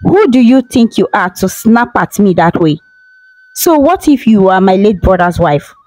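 A woman's voice: mid-range voice, lively intonation, normal speed, mellow, no echo, faint music behind, lightly acted, low-quality recording. A woman voicing a lecherous, arrogant young prince who bullies and sneers, in a storybook telling. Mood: smug. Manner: smug, bullying.

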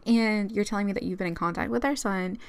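A woman's voice: mid-range voice, fast talker, clear, resonant tone, close to an everyday voice. A woman voicing a hurt, upset young mother in casual quoted dialogue. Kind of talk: storytelling over a life-sim game.

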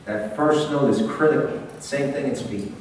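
A man giving a lively business seminar talk, speaking directly to his audience and pushing his voice out. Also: medium pitch, normal speed, a little hiss or hum. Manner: animated, projecting, talks straight to the audience. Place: seminar hall. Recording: echoey hall, taped from far off.

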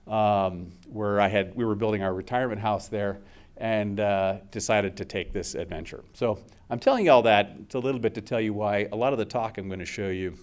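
Middle-aged guy with a lowish voice talking through a science seminar, chatty, lots of ums and uhs. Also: a little fast, darkish tone. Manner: conversational, frequent uh and um fillers. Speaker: invited scientist speaker.

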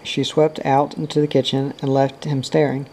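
A man reading a novel aloud as an audiobook narrator, in a steady and subdued way. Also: medium pitch, normal speed, poor audio. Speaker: audiobook reader.

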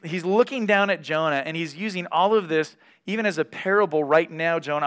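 Smooth-voiced man teaching the Bible. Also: on the high side, a bit bright. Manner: candid, reads scripture aloud between remarks.

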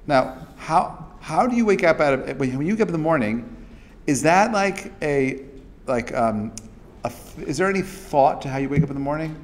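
A man's voice: on the high side, animated, moderate pace. A man giving a casual, interactive class. He talks loosely, with many fillers and restarts, and acts out the quotes he tells. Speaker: Torah class teacher.

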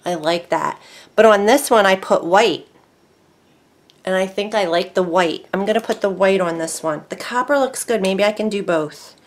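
A woman hosting a casual crafting video, chatting as she works. She is easily excited and thinks aloud between steps. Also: medium pitch, moderate pace. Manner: chatty, excitable, talks to herself while working.

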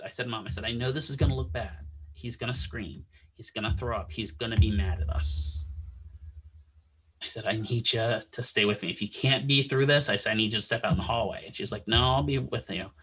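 Husky guy teaching pt class, casual storytelling, mid-pitched voice. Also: brisk. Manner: animated anecdote-telling, acts out quoted dialogue. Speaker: physical therapy instructor.

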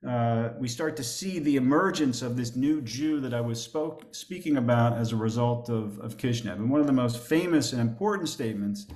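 A man's voice: medium pitch, a little mellow. Guy rabbi giving a class, lots of um and uh, restarts a bunch, echoey room. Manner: halting, many fillers and restarts; reads quoted texts aloud with more emphasis. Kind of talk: lecture with slides. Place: synagogue classroom. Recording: roomy echo.

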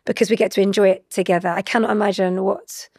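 Gravelly, chatty woman. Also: medium pitch, quick pace, no room sound, clean studio sound. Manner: chatty, animated, laughs often. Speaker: guest. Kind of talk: conversational interview.

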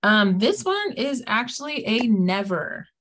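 A woman's voice: on the high side, big pitch swings, unhurried, a bit bright. Playful, teasing woman math teacher. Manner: playful, teasing, mimics students in quotes. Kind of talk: live classroom lesson.

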